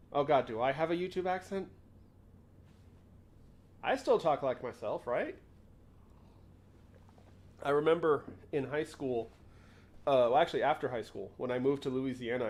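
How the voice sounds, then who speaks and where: A man's voice: mid-range voice, darkish tone. A young man hosting a casual livestream, rambling and often interrupting himself to answer chat. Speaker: livestream host.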